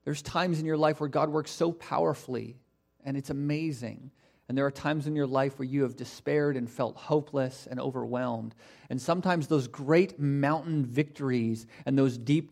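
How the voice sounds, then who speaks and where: Guy preaching a sermon, chatty and animated, mid pitch. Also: creaky. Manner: conversational, animated with laughs and asides. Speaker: pastor.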